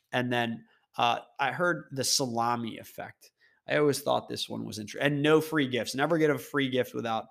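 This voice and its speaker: A man's voice: mid-range voice, creaky, fairly bright tone. A man hosting a podcast on his own, talking casually and rambling, with many restarts and repeated words. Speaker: podcast host. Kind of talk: casual solo podcast talk.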